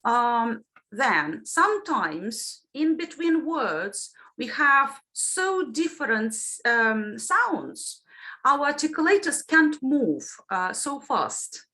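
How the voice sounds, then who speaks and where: A woman's voice: high-pitched, big pitch swings, slow, sharp tone. A woman teaching an online phonology lesson over a video call. She explains patiently and keeps checking in with her students. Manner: explains patiently, often checks in with "yeah?" and "right?". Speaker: teacher trainer.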